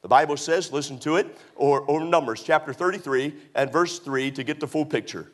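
A man preaching a sermon as a pastor, telling stories with sudden high whoops and shouts. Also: expressive, normal speed, hardly any pauses. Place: church auditorium.

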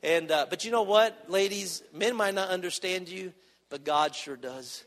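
High-voiced preacher in an echoing hall. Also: male voice, moderate pace, a bit bright. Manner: impassioned, rising and dropping in volume, acting out prayers. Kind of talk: sermon.

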